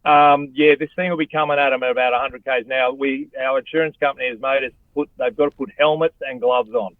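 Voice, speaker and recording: A man's voice: medium pitch, fast talker, dry recording. A middle-aged Australian man, a former rugby player and radio host, chatting as a guest with blokey energy and plenty of "mate". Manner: blokey, animated, says "mate" a lot. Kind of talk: casual chat over a phone line. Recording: tinny phone line.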